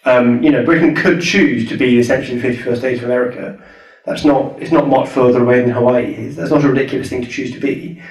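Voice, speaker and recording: A man's voice: mid-range voice, steady tone, fast talker. Scottish-born guy chatting through a rally talk, far from the mic, big echoey room. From Scotland. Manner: thoughtful, conversational, many restarts and "you know"s. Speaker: guest speaker. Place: hall at a public event.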